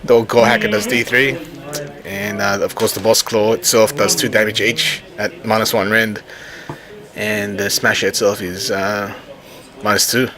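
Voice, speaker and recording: A man with a fairly low voice talks through a tabletop wargame in a relaxed, explanatory way, often pausing and restarting his sentences. Loud crowd chatter fills the background of a busy gaming venue. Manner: hesitant, stops and restarts phrases often. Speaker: tabletop wargame player recording a battle report. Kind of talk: casual explanatory narration over a tabletop game.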